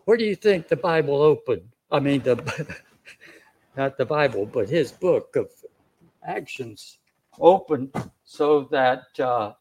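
A man's voice: mid-range voice, creaky, a little mellow. A man preaching a sermon, retelling a scripture story in a folksy, conversational way. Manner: folksy, conversational, with chuckles and restarts.

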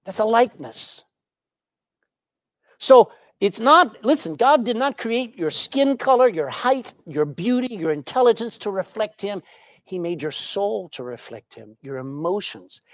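Lively woman preaching a sermon. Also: medium pitch, measured pace, no echo. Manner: animated, asks the congregation questions; tells jokes and anecdotes with a laugh.

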